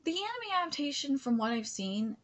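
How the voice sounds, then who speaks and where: A woman streaming a live manga reaction, gushing, cursing freely and often dropping into breathy whispers. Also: high voice, sing-song, brisk, fairly bright tone, muffled recording. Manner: gushing, swears a lot, drops into whispers.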